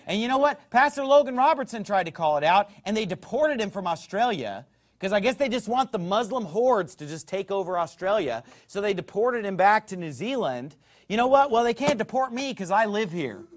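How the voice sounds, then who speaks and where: A man's voice: sits high, lively intonation, a little fast. A man preaching a heated sermon, firing off rhetorical questions, raising his voice in bursts, and stopping to read passages aloud from a book. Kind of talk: fiery sermon.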